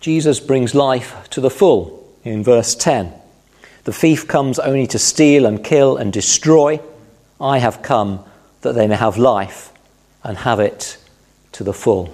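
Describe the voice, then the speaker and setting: A man preaching a Bible-teaching sermon in a calm, explanatory way, stressing key phrases. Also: mid-range voice, slow pace.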